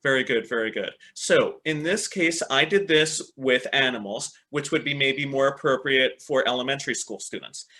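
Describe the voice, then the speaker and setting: An upbeat man presenting a teacher webinar on a video call, with a bright, forceful voice. He keeps checking in with his listeners and praising their answers as he talks through a computer mic. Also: medium pitch, moderate pace, few pauses. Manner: upbeat, repeats "excellent" and "right?" often. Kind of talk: online teacher training webinar.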